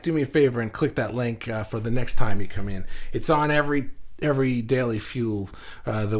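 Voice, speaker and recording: Rambling man hosting a live stream. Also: mid-range voice. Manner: loose and rambling, with many restarts and fillers. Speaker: host of a live online group session. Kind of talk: casual livestream talk, reading comments aloud.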